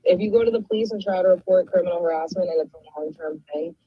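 A woman's voice: on the low side, fast, slightly rough, dry recording, dull audio. A woman on a call giving matter-of-fact advice.

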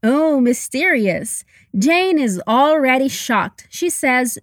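A woman teaching English, leading slow repeat-after-me drills and coaching pronunciation in a careful, encouraging way. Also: high-pitched, expressive, no echo, studio quality.

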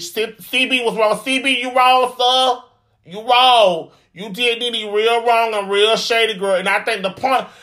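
In a casual vlog of reality-TV commentary, a man with a voice high for a man dishes sassy, profane gossip. His tone is bright and sharp, and he comes across as dramatic and opinionated throughout.

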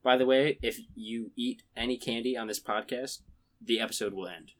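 A man's voice: medium pitch, normal speed. A young man co-hosting a podcast in casual chat, joking and acting out voices of the people he talks about. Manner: joking, acts out quoted voices. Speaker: podcast co-host.

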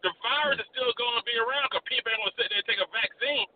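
A man's voice: very high voice, racing, far from the mic. A man calling into a sports talk show, talking in an emphatic, fired-up way. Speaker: caller. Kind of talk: casual sports talk call-in. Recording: muffled phone line with faint hiss.

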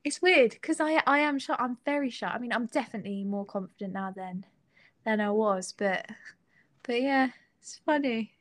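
Speaking in British English with a slightly high voice, a young singer-songwriter chats informally in an interview. She keeps giggling, stopping and starting over.

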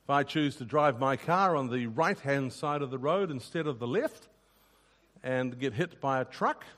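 A man's voice: medium pitch, lively intonation, moderate pace, a bit bright. A man preaching a sermon, earnest and emphatic, often repeating a word as he starts a sentence. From New Zealand.

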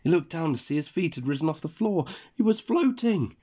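A man reading a bedtime story aloud, expressive and playful. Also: fairly high pitch, a little fast.

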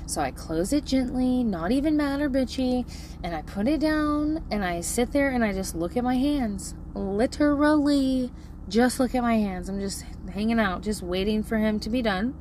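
A middle-aged woman telling a parenting story in a casual, animated, profane way, laughing often. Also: on the high side, normal speed, a little hiss or hum.

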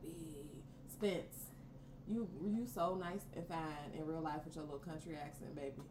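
A woman co-hosting a casual podcast chat, animated and profane, often slipping into playful voices. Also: low voice, normal speed, noisy background. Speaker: podcast co-host. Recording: roomy echo, set back from mic, faint ambience.

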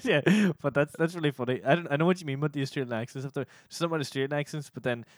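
Fast-talking man in casual chat. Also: a little high, dry recording, studio quality. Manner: quick, eager, laughs often. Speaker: podcast co-host.

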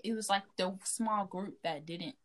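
A woman co-hosting a casual podcast, talking loosely with lots of fillers. Her voice sits at an ordinary middle pitch. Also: a little slow. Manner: chatty, with frequent fillers and likes. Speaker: podcast co-host. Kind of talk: casual chat and reading a news summary.

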